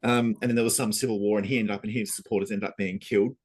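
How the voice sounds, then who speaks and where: Man, low voice, casual political chat, rambling, restarts a lot. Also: level tone, racing, husky. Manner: rambling, many restarts and fillers.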